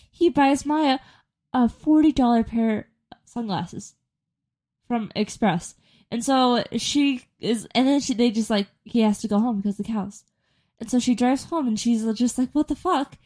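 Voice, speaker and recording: A young woman co-hosting a podcast, telling a story in lively casual chat and teasing her friend. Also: a little high. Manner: animated storytelling, teasing, laughs often. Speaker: podcast co-host.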